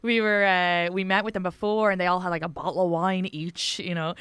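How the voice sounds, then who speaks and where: A young woman with an Irish accent chats through a story as a podcast host. Her voice is smooth and clear, and the room sounds dry and close. She laughs easily and keeps the stories going. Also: on the low side, steady tone, a little fast, a bit bright, no echo. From Ireland. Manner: chatty storyteller, laughs often. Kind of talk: casual chat.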